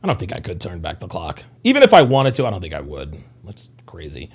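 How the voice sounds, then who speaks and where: A man's voice: low-pitched, wildly swooping pitch, quick pace, breathy edge. A man in his thirties hosting a casual livestream, rambling and profane as he reads chat comments. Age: 30s. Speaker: livestream host.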